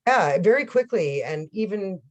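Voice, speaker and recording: A woman's voice: medium pitch, lively intonation, normal speed, highs cut off. A woman hosting an interview, chatting casually and telling a personal story, with some fillers along the way. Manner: chatty, anecdotal, with soft laughs and fillers. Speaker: podcast host. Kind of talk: conversational interview.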